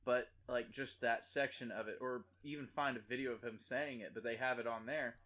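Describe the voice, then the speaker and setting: A young man chatting casually, rambling through a story with lots of fillers and breaking into loud, high-pitched impressions of the people in it. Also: fairly even intonation, moderate pace. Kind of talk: casual chat.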